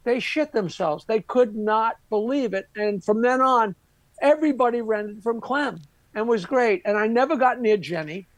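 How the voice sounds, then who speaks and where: A comedian guest from Long Island, New York, tells a crude, brash, profane anecdote, mimicking other people along the way. His voice sits high, moving at a moderate pace, and the recording is dry.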